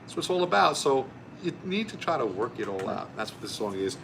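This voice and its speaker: A man's voice: mid-range voice, big pitch swings, fairly quick, gravelly, background noise. A man hosting a live music stream, chatting effusively between songs and reading viewer comments aloud.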